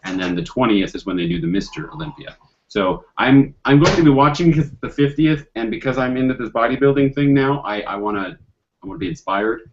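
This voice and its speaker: A man's voice: medium pitch, brisk, slight background noise. A man co-hosting a casual chat show, cracking puns and telling jokes. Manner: joking, punny, animated. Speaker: co-host. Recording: dull lo-fi audio.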